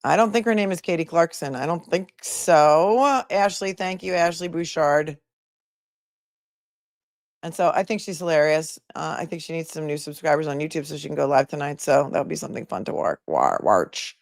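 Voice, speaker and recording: A woman's voice: sits low, steady tone, moderate pace, no room sound, studio quality. A woman hosting a live stream, chatting casually with viewers while she searches for a link. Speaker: livestream host, attorney. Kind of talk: casual livestream chat.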